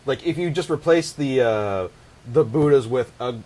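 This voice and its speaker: A man's voice: medium pitch, expressive, normal speed, darkish tone. A man hosting a casual podcast chat about games, hesitant, with many ums and restarts.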